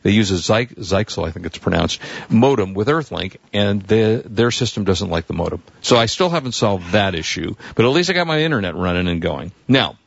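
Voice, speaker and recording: A man's voice: fairly low pitch, animated, a little fast, gravelly, breathy edge, no room sound. A man hosting a tech news show, telling a rambling story and acting out the people he quotes. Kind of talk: casual chat, long anecdote. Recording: dull lo-fi dry sound.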